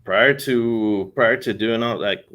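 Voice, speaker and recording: A young man talking casually as a podcast guest, relaxed and rambling with many fillers. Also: lowish voice, slow. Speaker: podcast guest, content creator. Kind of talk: casual interview talk.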